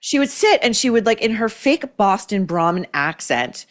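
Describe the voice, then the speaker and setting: A woman's voice: medium pitch, sing-song, normal speed. A middle-aged woman hosting a podcast, giving blunt, sarcastic and profane opinionated commentary. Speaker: podcast host.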